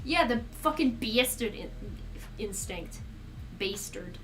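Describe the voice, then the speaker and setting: A young woman chats casually on a live stream. Her voice is bright and sits a little high. She swears freely, laughs often and grumbles at her cat between stories. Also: animated, takes it slowly, long pauses, a little hiss or hum. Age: young adult.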